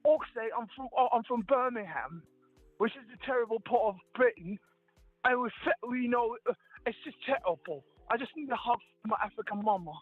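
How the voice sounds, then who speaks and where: A man's voice: very high voice, fairly quick, no room sound, phone-quality sound, soft background music. A man on a call, joking around in a put-on British accent and repeating slang tags. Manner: puts on a mock British accent, repeating "mate".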